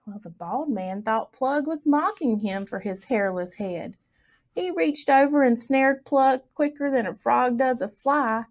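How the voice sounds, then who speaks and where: Storytime reader. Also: female voice, a little high, slow. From Southwest Virginia. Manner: expressive, lilting storytelling. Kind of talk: reading a folktale aloud for children.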